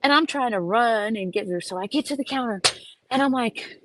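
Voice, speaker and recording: Profane animated woman telling a story. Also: a little high, brisk, noisy background. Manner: animated, profane, emphatic retelling. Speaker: vlogger. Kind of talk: casual storytelling chat.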